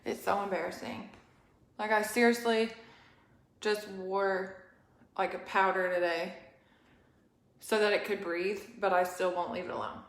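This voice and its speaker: A woman's voice: mid-range voice, steady tone, a little slow, pauses often. A young woman hosting a casual live-stream makeup tutorial, chatty and rambling, a bit out of breath. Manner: chatty, rambling, apologetic asides. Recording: echoey room.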